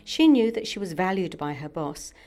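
A woman hosting and narrating a bedtime story in a measured, scripted reading. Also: lowish voice, big pitch swings, mellow, faint music behind. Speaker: host and narrator.

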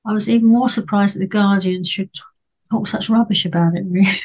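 A woman's voice: mid-range voice, fairly even intonation, a little fast, low-quality recording. A woman speaking as a panelist in a casual book club discussion, chatty and hesitant, with many fillers and restarts.

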